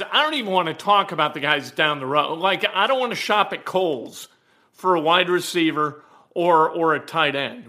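A man's voice: a little high, pushed and bright. A man hosting a sports talk show, giving blunt, emphatic opinions and rattling off player stats. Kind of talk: opinionated sports commentary monologue.

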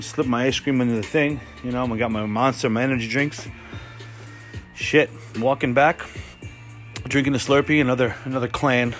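A man's voice: medium pitch, fairly bright tone. A young adult man hosting a casual solo podcast, telling a story in a profane, rambling way and often correcting himself. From New Jersey. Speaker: podcast host.

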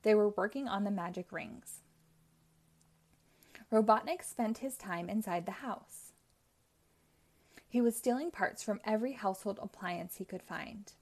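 Woman, storytime host, children's read-aloud, clear, even, mid pitch. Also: a little slow, pauses often.

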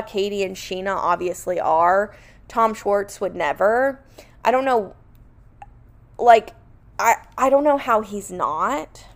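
A young woman hosting a podcast, giving casual, sarcastic commentary full of "like" fillers. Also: mid-range voice. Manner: sarcastic, animated, many "like" fillers. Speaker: podcast host.

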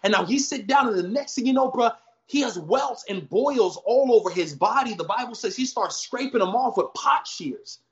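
A man, a pastor, preaching in a podcast conversation with energetic, slangy storytelling and emphatic repeated lines. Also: very high-pitched, moderate pace, lo-fi sound. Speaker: pastor guest.

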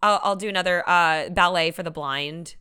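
A woman in casual conversation, retelling comedy sketches with quick acted quotes and frequent laughter. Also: fairly low pitch, sharp tone, clean tone. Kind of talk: casual chat.

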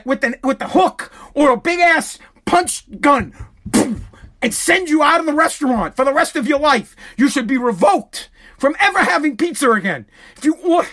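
High-voiced woman on a profane rant. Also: fairly bright tone. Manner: heated, profane, stammering restarts. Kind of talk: comedic rant.

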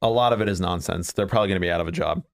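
A man's voice: deep voice, racing, creaky. A man co-hosting a casual podcast chat, matter-of-fact and dry. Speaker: podcast co-host.

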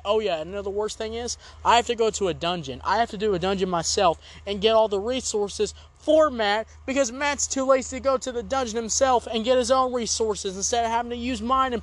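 High-voiced man ranting in exasperation. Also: a little fast, hardly any pauses. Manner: exasperated, ranting, repetitive complaints. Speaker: podcast host and game reviewer. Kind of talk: ranting game review.

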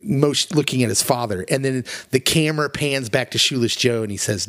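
A man's voice: medium pitch, normal speed, fairly bright tone, dry recording, studio quality. A man co-hosting a podcast, earnestly retelling a story in casual chat with plenty of feeling. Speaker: podcast co-host.

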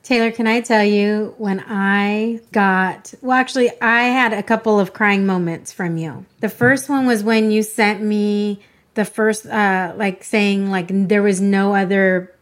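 A woman's voice: mid-range voice, fairly even intonation, unhurried. Gushing, emotional woman podcast host. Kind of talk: casual interview chat.

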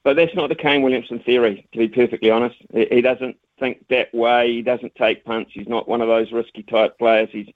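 A man's voice: medium pitch, fairly even intonation, fairly quick, few pauses, dry recording. New man on a tinny phone line. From New Zealand. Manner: stammering, repeats words, chatty. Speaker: cricket commentator, radio guest. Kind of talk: casual radio phone interview.

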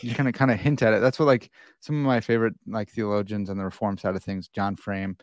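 A man's voice: lowish voice, steady tone, fast, no room sound, clean studio sound. An American man hosting a podcast, chatting casually and poking fun at himself, with lots of fillers. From United States. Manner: chatty, self-deprecating, many fillers. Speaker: podcast host.

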